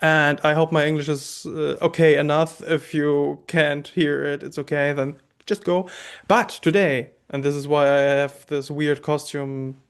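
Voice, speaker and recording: A man's voice: fairly high pitch, level tone, a little slow, smooth. A man with a German accent hosting a podcast, chatting casually in a hesitant way, full of fillers and restarts. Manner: hesitant, many fillers and restarts, laughs easily. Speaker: podcast host.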